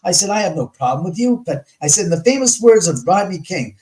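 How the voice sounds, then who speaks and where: Guy on a show telling a long story, animated, acts out what he said, swears a lot, a bit high voice. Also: quick pace, rough recording. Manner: animated, acts out his own past arguments; swears freely. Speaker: guest. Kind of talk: casual storytelling on a live show.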